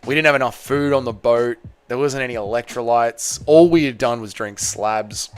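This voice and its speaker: A man's voice: medium pitch, moderate pace. An Australian man from Tasmania hosting a casual fight-night livestream, bantering with chat and swearing freely. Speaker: livestream host.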